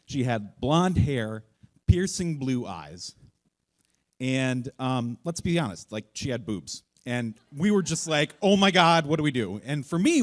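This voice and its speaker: Animated male storyteller on stage. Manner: animated, self-mocking, acts out voices with big jumps in pitch. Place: live event stage.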